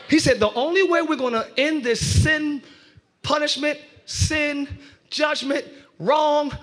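Man, pastor, very high voice, bright and forceful, shouting sermon, sung rises, church congregation. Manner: acts out quarrels in quick voices. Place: church before a live congregation.

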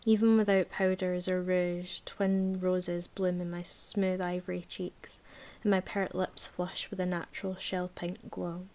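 A woman reading a novel aloud in a measured, even voice, then chatting casually about the book. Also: fairly low pitch. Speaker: book reviewer.

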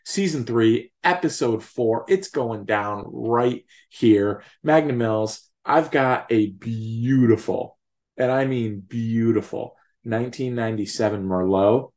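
A man's voice: mid-range voice, takes it slowly, darkish tone. A man hosting a TV-show discussion podcast, joking in a mock-grandiose, profane way. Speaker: podcast host. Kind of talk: casual podcast chat.

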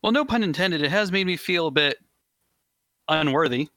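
Man from Texas, guest caller, bright tense voice, dry, hesitant, apologetic. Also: fairly high pitch, animated, normal speed, no echo. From Texas, USA. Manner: hesitant, apologetic, many restarts and ums. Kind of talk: casual gaming chat.

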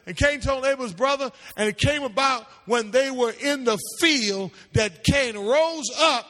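A man preaching a Bible class with animated calls to the audience and sing-song lines that rise into shouts. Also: extremely high pitch, measured pace. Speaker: pastor teaching a seminary class. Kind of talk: preaching-style Bible teaching. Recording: long hall reverb.

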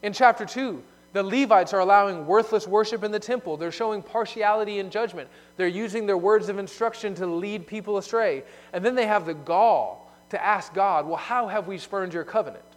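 A man preaching a sermon, explaining a scripture passage and moving between emphatic loud points and quiet asides. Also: high-pitched, moderate pace, few pauses. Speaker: pastor. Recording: long hall reverb.

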